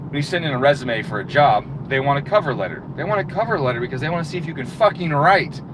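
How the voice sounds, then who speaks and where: A man with a slightly high voice rants, exasperated and profane, letting the swearing pile up as he goes. Street noise and passing traffic sit clearly behind him. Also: lively intonation, quick pace. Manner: heated, profane, exasperated ranting. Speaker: channel host. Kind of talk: profane ranting monologue.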